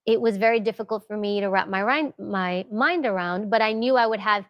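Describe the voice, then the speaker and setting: A woman guest in an interview, talking in a reflective, measured way. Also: medium pitch, dry recording, muffled recording. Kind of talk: interview conversation.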